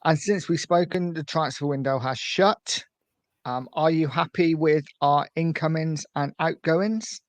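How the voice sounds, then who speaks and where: A man's voice: fairly high pitch, a little slow, dry recording. A middle-aged man hosting a casual football podcast, talking in a friendly way and steering the conversation. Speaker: host.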